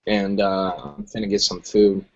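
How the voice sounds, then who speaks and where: A man's voice: low-pitched, flat delivery, a little slow, muffled recording. A young adult man hosting a casual chat show, joking and laughing a lot in slangy banter. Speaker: podcast host.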